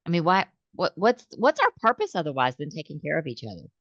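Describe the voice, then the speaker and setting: A low-pitched woman, talking in a lively, conversational way as a guest on an interview. She tells stories and acts out the voices of customers. The recording is dry and a little dull. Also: quick pace, dry recording. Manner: animated storytelling, acts out customer calls. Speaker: business owner guest.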